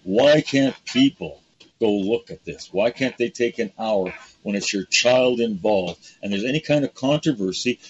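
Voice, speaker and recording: An indignant male talk show host with a husky voice. He comes through a dull, lo-fi recording and keeps turning to his guest by name. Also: on the low side, moderate pace. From Canada. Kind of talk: opinionated talk show chat. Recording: dull lo-fi sound.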